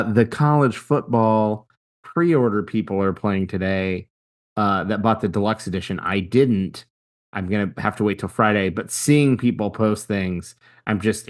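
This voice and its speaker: A man with a low voice co-hosts a podcast. He chats and jokes in an easygoing, casual way. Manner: easygoing, joking. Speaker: podcast co-host. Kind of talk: casual chat.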